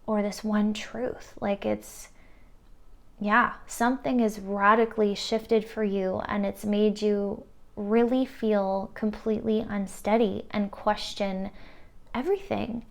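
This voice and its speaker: Woman, tarot reader, unhurried delivery, earnest, filler-heavy, middle-pitched. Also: flat delivery, creaky. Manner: soft and earnest, many "like" fillers. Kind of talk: intuitive pick-a-card reading.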